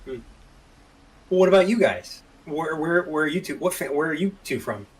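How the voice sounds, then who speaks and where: A man's voice: a little high, expressive, moderate pace, rough recording. A man playing a tabletop game, asking curious questions in character. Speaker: player. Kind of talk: in-character role-play.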